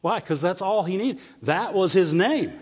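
A man's voice: high-pitched, lively intonation, normal speed, slightly rough. Man preaching in an echoing hall. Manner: call-and-response asides, repeats phrases. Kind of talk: sermon. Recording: dull sound with long reverb in a hall.

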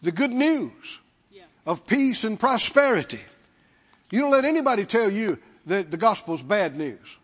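With a high-pitched, slightly rough voice and big swings in pitch, a male pastor preaches at a measured pace, stressing words through repetition and inviting the congregation to reply. The sound is dull and lo-fi, carrying a long hall reverb.

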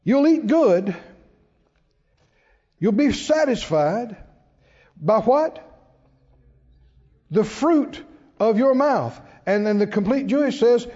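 A male preacher with a high, lively, swooping voice, who draws out his words slowly. His tone is mellow and dark in colour. The sound is muffled and carries a long hall echo. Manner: preacherly call-and-response, emphatic repetition. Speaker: pastor. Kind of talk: sermon.

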